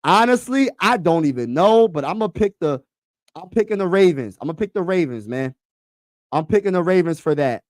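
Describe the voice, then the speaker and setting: A man running a casual sports talk livestream, speaking in an excitable, slangy way and often repeating lines as he talks to his chat. His voice sits a little high, and the recording is dry and close with hardly any room sound. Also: moderate pace, no room sound.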